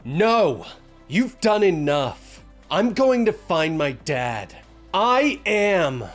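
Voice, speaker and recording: Guy doing a high-pitched teen boy, yelling and defiant. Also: animated, slow pace, soft background music. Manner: screaming, pleading. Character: desperate teenage boy, grieving and defiant.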